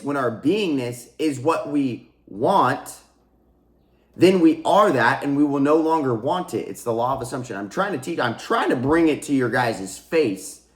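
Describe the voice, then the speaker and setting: A man with a slightly high voice delivers a casual spiritual teaching monologue as a spiritual coach and channel host. He's earnest and repetitive, restarts phrases, and calls his viewers guys, and the sound is roomy.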